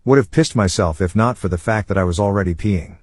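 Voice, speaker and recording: A man narrating online stories aloud in a steady, even reading voice. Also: lowish voice, a little fast, no room sound, clean studio sound.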